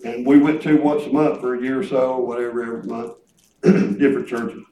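A man's voice: mid-range voice, fairly even intonation, a little fast, lo-fi sound. A man preaching in a casual, conversational way, telling folksy stories and often restarting his words. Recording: echoey room, distant mic.

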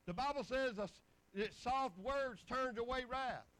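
A man's voice: very high-pitched, a little slow, a bit bright, poor audio. A middle-aged man, preaching a folksy, rambling testimony full of scripture. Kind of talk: sermon.

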